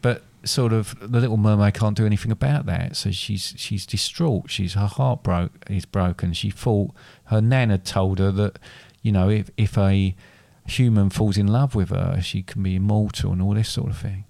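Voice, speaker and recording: Man, low voice, dry close sound, rambling casual storytelling. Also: normal speed, gravelly, hardly any pauses, warm tone, no room sound. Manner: rambling, self-correcting storyteller. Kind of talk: casual chat retelling fairy tales.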